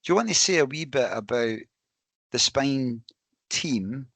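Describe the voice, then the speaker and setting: A middle-aged man hosting a podcast, with a gravelly, fry-tinged voice. He encourages his guest and thinks out loud between questions. The recording is dry and close. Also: medium pitch, lively intonation, a little slow, no room sound. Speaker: podcast host. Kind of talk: casual interview chat.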